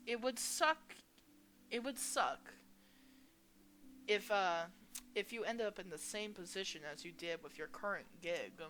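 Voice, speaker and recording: A young woman reading a visual novel aloud as a gaming host, expressive and playful as she voices each character. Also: lowish voice, a little hiss or hum. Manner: expressive, reads each character's lines with shifting energy.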